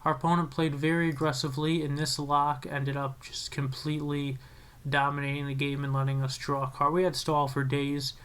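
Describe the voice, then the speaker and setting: A young man casually commentating his own card game match, excitable and self-critical, with frequent restarts. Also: a little high, a little fast, clean tone.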